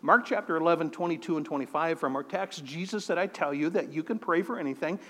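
Male preacher, high voice, earnest testimony delivery, halting restarts, long reverb. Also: sharp tone. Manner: earnest, repeats words at starts of phrases. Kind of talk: sermon with personal testimony.

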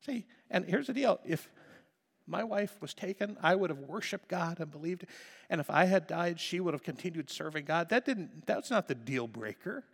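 A pastor preaching a passionate sermon, dropping to a hush and then rising to loud emphasis. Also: male voice, sits high, lively intonation, moderate pace, gravelly, breathy edge. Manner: impassioned, swinging between hushed and loud. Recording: reverberant hall.

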